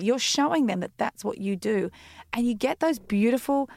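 Woman, candid and animated, acts out what others say, gravelly voice. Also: on the high side, moderate pace, no room sound, clean studio sound. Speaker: podcast guest. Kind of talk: casual chat.

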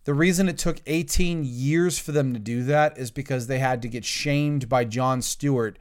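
A man's voice: medium pitch, moderate pace. A man from the United States, a recurring guest on a casual podcast, joking around and then turning earnest.

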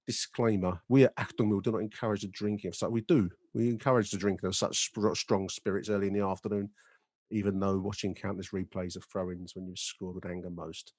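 A man's voice: sits low, level tone, brisk, darkish tone, no room sound, clean studio sound. A man co-hosting a podcast, reading mock adverts in a jokey, sarcastic way and laughing often. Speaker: podcast co-host.

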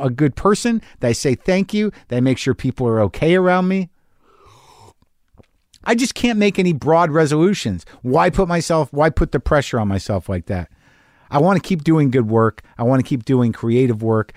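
A man's voice: mid-range voice, darkish tone, dry recording, clean studio sound. A man in his fifties, a podcast host giving a rambling, candid, self-deprecating monologue with plenty of swearing. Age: 50s. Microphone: studio mic in a home garage.

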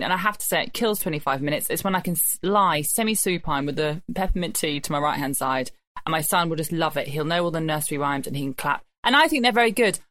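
Woman co-host, thirties, rapid dry delivery, close dry sound. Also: deep voice, fairly bright tone, dry recording. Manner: brisk, dry storyteller who swears for comic effect. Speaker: podcast co-host. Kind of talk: casual chat.

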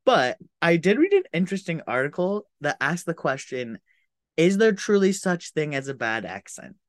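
A woman from the Pacific Northwest co-hosting a podcast in casual chat, animated and laughing often. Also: sits low, moderate pace, dry recording, clean studio sound. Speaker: podcast co-host.

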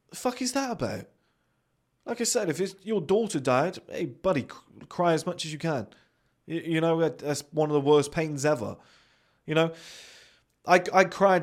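A man's voice: a little high, moderate pace. Blunt, sweary man. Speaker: podcast host. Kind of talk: blunt motivational monologue.

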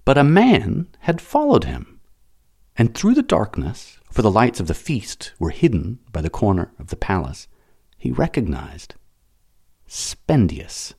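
Man, audiobook narrator, very deep voice, lively intonation, dramatic expressive reading. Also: a little slow, gravelly, slightly rough.

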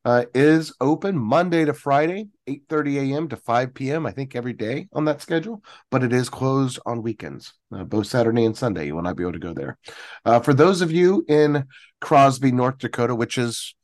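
A man's voice: mid-range voice, fairly quick, darkish tone. A man co-hosting a casual podcast, rambling through a story of local history with plenty of fillers and self-corrections. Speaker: podcast co-host.

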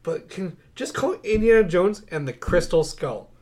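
A young man co-hosting a podcast, chatting casually about movies with a wry, sarcastic, animated delivery. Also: sits high, moderate pace. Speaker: podcast co-host. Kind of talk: casual movie-review chat.

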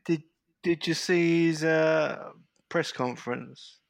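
A man's voice: a little high, takes it slowly, creaky, dry recording. A man on a casual football podcast, telling stories with stumbling restarts and swearing.

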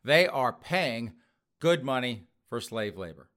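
A man's voice: mid-range voice, animated, takes it slowly, fairly bright tone. A male commentary host who reads the news and then mocks it with scoffing laughs. His tone is sarcastic and combative. His voice sits in an ordinary middle register.

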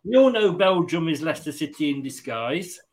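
A man's voice: fairly high pitch, big pitch swings, normal speed, a little mellow, rough recording. A man hosting a casual football prediction chat, joking, laughing often and reading out listener picks. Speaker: podcast host.

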